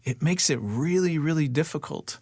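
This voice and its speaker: A middle-aged man hosting a faith podcast interview, asking measured, reflective questions. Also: on the high side, a little mellow, breathy edge, no room sound, clean studio sound. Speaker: podcast host.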